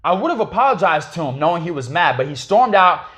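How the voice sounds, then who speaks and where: A man with a high voice sits in on a casual podcast as a guest. He tells his story with animation and plenty of profanity. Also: sing-song, fairly quick, fairly bright tone.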